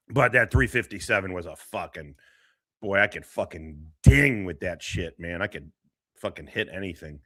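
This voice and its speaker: A man's voice: fairly low pitch, sharp tone, no room sound, studio quality. A man giving crude, mocking commentary on a clip, swearing and laughing as he talks. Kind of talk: casual profane commentary.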